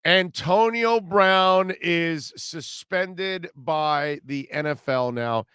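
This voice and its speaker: Sports radio guy ranting, smooth kinda high voice, blunt and sarcastic, dry close mic. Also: extremely slow, pushed and bright, no echo. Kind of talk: opinionated sports talk.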